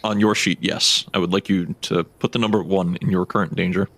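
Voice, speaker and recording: Low-voiced male game master, dry sound. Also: steady tone, fairly bright tone, no echo. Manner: halting, filler-heavy narration. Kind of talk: narrating a tabletop game.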